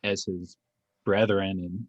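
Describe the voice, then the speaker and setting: A man co-hosting a podcast, chatting casually about a book in a relaxed manner, often chuckling and asking questions. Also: sits low, takes it slowly, dry recording. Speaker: podcast co-host. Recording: dull dry lo-fi sound.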